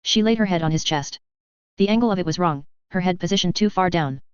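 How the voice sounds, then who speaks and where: Woman audiobook narrator, brisk steady read, slightly dull lo-fi audio. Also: fairly low pitch, clean tone, no echo. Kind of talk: scripted narration.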